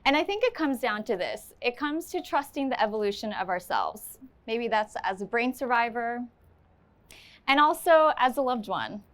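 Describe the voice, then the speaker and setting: Woman, higher voice, stage storyteller, frank and wry. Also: animated, moderate pace, fairly bright tone. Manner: candid, self-deprecating humor. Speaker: stage speaker sharing a personal story. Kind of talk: storytelling talk with audience Q&A. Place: event stage before a live audience.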